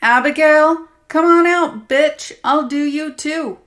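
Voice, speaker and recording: A woman voicing a brutal, drunken, abusive man who growls, mocks and shouts in a horror story. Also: mid-range voice, a little slow, natural voice. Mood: mocking shouts.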